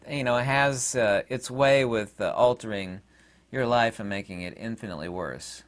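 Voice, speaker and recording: A man's voice: medium pitch, moderate pace. A man hosting his own channel, talking in a rambling, digressive monologue full of fillers. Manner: animated, digressive, many fillers. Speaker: channel host.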